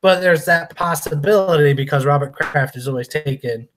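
A man co-hosting a casual sports chat, animated and joking as he talks football. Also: fairly high pitch, slight background noise. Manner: animated, joking, quick to laugh. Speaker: sports podcast co-host.

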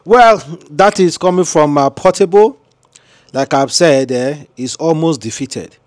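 A man's voice: fairly high pitch, takes it slowly, pauses often, a little mellow. A man with a Nigerian Pidgin accent hosting a news commentary, chatty and rambling. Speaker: commentary channel host.

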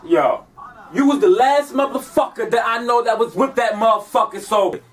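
Guy doing a young dude retelling a wild party night on the phone, husky voice, swoops up and down a lot. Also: mid-range voice, sing-song, moderate pace, a bit bright, soft background music. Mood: fed up. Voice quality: profane, streetwise, rambling. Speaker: witness on a phone call. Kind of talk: scripted monologue.

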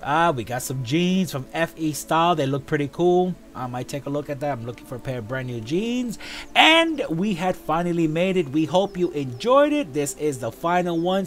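A man hosting a casual show, chatting playfully as he reviews event items, with quick asides. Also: on the high side, very animated, faint music behind. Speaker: show host.

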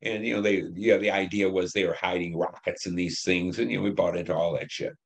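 A man's voice: deep voice, level tone, fast. A man in his seventies, a war veteran being interviewed, recounting his memories in a blunt, profane storytelling manner. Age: 70s.

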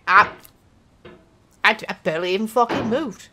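Bright, lively young woman gamer swearing. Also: mid-range voice, normal speed, a little hiss or hum. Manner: swears constantly, swings between sarcasm and yelling. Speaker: gaming channel host. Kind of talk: frustrated gameplay commentary.

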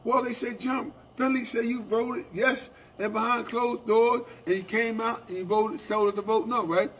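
A man co-hosting a union radio show, telling animated stories in casual talk and asking "right?" after his points. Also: very high voice, moderate pace, slight background noise. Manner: animated storytelling, acting out quoted exchanges, repeated "right?".

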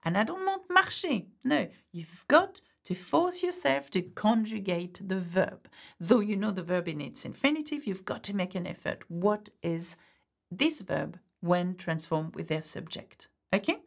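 A woman's voice: medium pitch, lively intonation, a little slow, gravelly. A woman teaching a French grammar lesson, patiently explaining step by step and often checking in with "okay?". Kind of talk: online language lesson.

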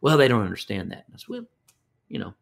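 An older Texan man, a fishing guide, tells folksy stories in a low, unhurried voice. He repeats words as he goes and acts out the voices of the people in his stories. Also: huge pitch swings, creaky. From Texas. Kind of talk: storytelling interview.

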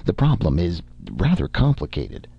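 Guy doing young scientist voice, deep gravelly, anxious and pushy, trips over words when upset. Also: very animated, normal speed, no echo, lo-fi sound, full character voice. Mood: excitedly explaining. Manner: urgent, stammers when upset.

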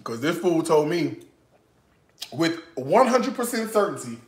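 A sassy, playful man hosts a home cooking vlog, his voice leaping around with lively pitch. He takes his time and drawls slowly between quips. The kitchen sounds echoey and roomy. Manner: playful, sassy, bursts into song. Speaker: cooking show host. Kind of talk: casual cooking vlog chat.

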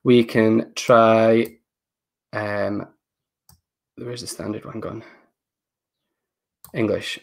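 Male trainer, relaxed, thinks aloud mid-demo, computer mic on a call. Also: lowish voice, very slow, gravelly, pauses often. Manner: casual, thinks aloud while clicking through settings. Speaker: education technology presenter. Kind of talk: live online training session.

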